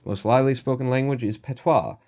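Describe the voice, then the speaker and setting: A man's voice: medium pitch, brisk, a little mellow. A man live-streaming a number puzzle, thinking aloud and muttering numbers to himself with self-deprecating asides. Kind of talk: casual thinking aloud while playing a puzzle game.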